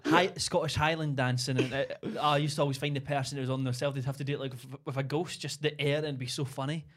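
A man's voice: medium pitch, fairly even intonation, fast, a bit bright. A man co-hosting a podcast, asking curious questions in a casual chat. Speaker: podcast co-host.

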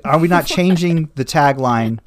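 A man's voice: fairly high pitch, normal speed, dry recording. A man hosting a casual joking chat stream, in a mock-serious, self-promoting manner. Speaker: stream host.

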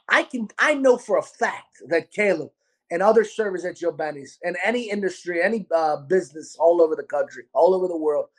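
Man with a baltimore accent, podcast host, animated, swears a lot, acts out quotes. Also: sits high. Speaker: podcast host, restaurant owner. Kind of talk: casual storytelling chat.

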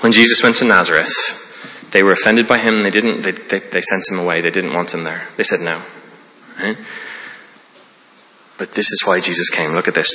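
A man's voice: deep voice, fairly even intonation, moderate pace, long pauses, bright, forceful tone, in a large hall, poor audio. A man preaching a sermon as pastor, earnest and conversational, often restarting his sentences.

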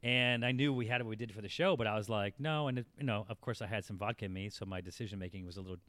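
A man's voice: on the low side, rapid-fire, no room sound. A man, around forty, telling a long anecdote in casual talk, rambling and laughing as it builds. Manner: rambling, laughing, animated when telling the story. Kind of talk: casual storytelling.

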